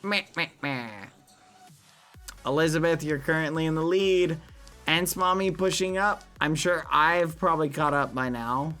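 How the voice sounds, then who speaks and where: A young man streaming a game and talking to his chat, excitable, shooting up high when surprised and swapping swears for silly words. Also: moderate pace, soft background music.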